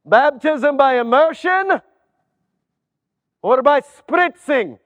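A man voicing a brusque male gatekeeper at heaven's gates who loudly interrogates a newcomer. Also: very high voice, animated, takes it slowly, in a large hall, highs cut off, exaggerated voice. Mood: interrogating. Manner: loud, incredulous, interrogating.

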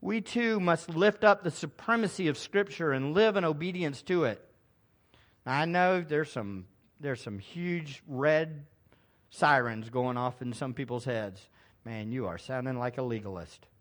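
A pastor preaching a sermon with emphasis, swinging between hushed asides and loud proclamations and calling for responses from the congregation. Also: male voice, on the high side, a little slow.

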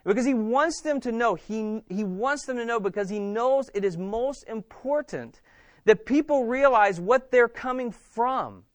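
A man's voice: extremely high pitch, unhurried, dry recording. A man preaching a sermon in a church as pastor, emphatic and repeating words with frequent restarts.

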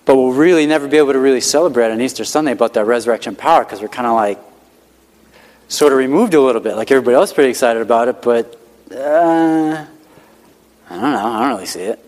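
A man's voice: mid-range voice, quick pace, darkish tone. A male pastor preaching a sermon in a conversational, emphatic way, repeating key lines and often saying "like". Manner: conversational, emphatic repetition, frequent "like" fillers. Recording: hall with long reverb.

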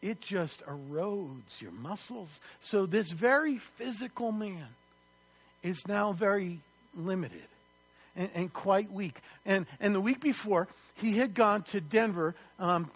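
A man preaching a sermon as pastor, lively and conversational, asking his congregation rhetorical questions. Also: sits high.

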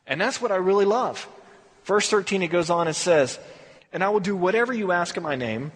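Animated high-voiced pastor in a hall. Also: male voice, brisk, breathy edge. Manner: animated, conversational preaching with acted asides. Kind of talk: sermon. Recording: long hall reverb.

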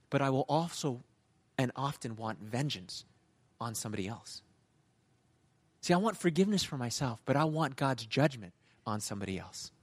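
A male pastor preaching a sermon in a conversational, animated storytelling manner. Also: medium pitch.

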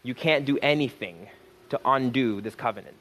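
A man's voice: mid-range voice, fairly bright tone. Fervent male preacher stressing each phrase. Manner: repetitive restarts, rising to fervent emphasis, slows for key phrases. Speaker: pastor. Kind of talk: sermon.

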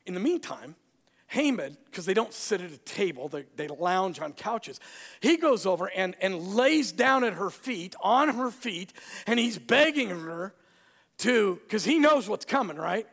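A man preaching a sermon, an animated storyteller who acts out the characters. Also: high voice, measured pace, vocal fry, big-room sound. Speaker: pastor.

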